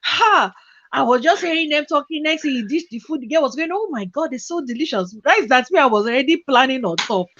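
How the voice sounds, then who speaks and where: A woman's voice: sits high, a little fast. A woman, hosting a casual chat and telling a personal story with lots of laughter and acted-out voices. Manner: animated, laughs often, acts out voices in her story. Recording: dull lo-fi recording.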